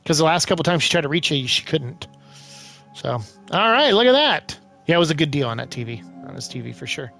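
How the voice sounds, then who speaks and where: A man giving casual let's-play commentary, exclaiming loudly as he plays. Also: a little high, brisk, creaky, soft background music. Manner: excitable, loud bursts of exclaiming while playing. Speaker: gaming streamer.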